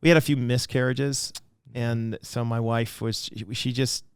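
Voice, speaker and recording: A man who is a pastor, speaking as a guest in a casual interview and telling stories in an animated way with frequent restarts. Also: mid-range voice, a little slow, clear, resonant tone, no room sound, studio quality.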